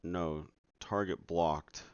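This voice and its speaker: A man's voice: sits low, fairly even intonation, extremely slow, clear, resonant tone, no echo. A man streaming his game development from home, talking casually to his audience while he works, exasperated, sarcastic and swearing often. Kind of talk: casual live-stream commentary. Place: at home at night. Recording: dull lo-fi sound.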